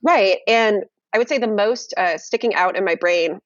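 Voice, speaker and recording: A woman's voice: mid-range voice, normal speed, no echo, muffled recording. Chatty young woman telling a dating story. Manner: animated, many fillers and restarts. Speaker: guest. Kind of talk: casual storytelling chat.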